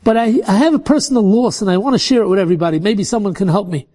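A man's voice: sits high, rapid-fire, dark tone, long reverb tail. A man voicing an earnest speaker who apologetically pleads for help finding his lost pet. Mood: pleading.

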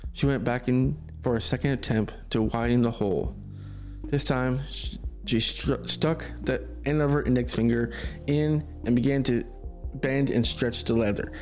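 A man's voice: medium pitch, fairly even intonation, normal speed, darkish tone, faint music behind. A man narrating a spooky story for a podcast, reading steadily with small stumbles.

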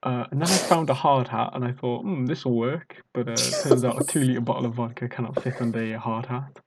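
A man's voice: medium pitch, steady tone, fast, gravelly, noisy background. A young British man casually telling a rambling, self-mocking party story. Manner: rambling, self-mocking, acts out drunk quotes.

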